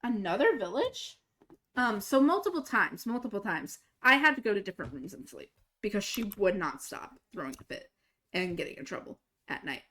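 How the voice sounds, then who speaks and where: A young woman streaming a game, casually telling a story, swinging between exasperated, swearing outbursts and quiet asides. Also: mid-range voice, very animated, moderate pace. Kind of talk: casual storytelling while gaming.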